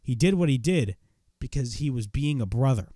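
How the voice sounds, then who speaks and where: A man retelling a wrestling show in a casual, excitable recap, swearing freely as he goes. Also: mid-range voice, moderate pace, no room sound, studio quality.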